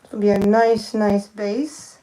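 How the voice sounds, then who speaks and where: A woman's voice: medium pitch, steady tone, measured pace, warm tone, low-quality recording. A young woman chatting casually on a live stream as she paints her nails, thinking aloud and muttering to herself. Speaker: nail art streamer.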